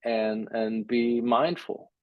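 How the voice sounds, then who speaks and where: A male musician guest from Germany in a casual interview, speaking haltingly and repeating words while he thinks. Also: medium pitch, little pitch movement, no room sound. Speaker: bass guitarist guest. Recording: dull, muffled sound.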